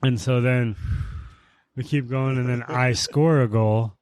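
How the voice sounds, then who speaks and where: A man on a podcast, telling a story in a loose, swear-heavy way that flares into heated outbursts. His pitch sits in a middle range. The sound is dry and close, with no room echo. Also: unhurried. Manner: profane, animated storytelling with heated quoted outbursts. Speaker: podcast co-host. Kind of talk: casual chat, storytelling.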